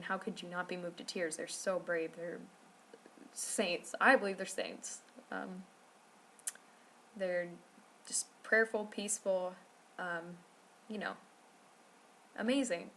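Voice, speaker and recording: A woman's voice: medium pitch, a little hiss or hum. A woman telling a rambling travel story to camera, full of fillers and restarts. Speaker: vlogger.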